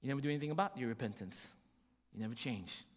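A man preaching a sermon in an animated way, acting out voices and often asking "right?". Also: medium pitch, fast talker, big-room sound. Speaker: pastor.

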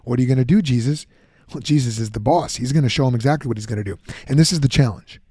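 Guy teaching bible stuff, animated, chatty, dry close recording. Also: medium pitch, fast talker, husky, no room sound. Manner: animated, conversational, acts out objections.

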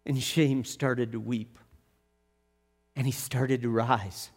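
A man telling a personal story in an animated way, often restarting with quick repeated words. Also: mid-range voice, long reverb tail.

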